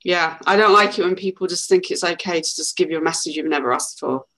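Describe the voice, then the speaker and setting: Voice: medium pitch, quick pace, sharp tone. A co-host in a casual chat, chiming in with agreeable comments. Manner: agreeable, chatty.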